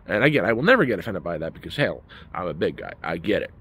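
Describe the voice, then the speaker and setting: A man's voice: sits low, sing-song, quick pace, a bit bright, a little hiss or hum. A man telling a story as a casual rant in a vlog, emphatic and heated. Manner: ranting, emphatic. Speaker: vlogger.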